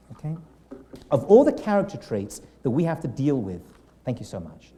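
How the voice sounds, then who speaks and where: A man from England, a rabbi giving a lively classroom lecture and asking his students questions. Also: mid-range voice. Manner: animated, acts out quoted lines, asks the room questions. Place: classroom in New York City.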